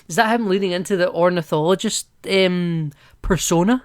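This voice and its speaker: A man's voice: high-pitched, a little fast, few pauses, a bit bright. A man co-hosting a podcast, chatting casually about a film, rambling and playful with many asides. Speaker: podcast co-host. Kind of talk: casual film-review chat.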